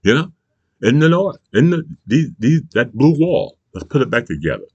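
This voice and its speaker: A man hosting his own channel, delivering a profane, angry political rant, bursting into shouts and asking "you understand?" again and again. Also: medium pitch, sing-song, normal speed, slightly rough, no room sound, highs cut off. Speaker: channel host.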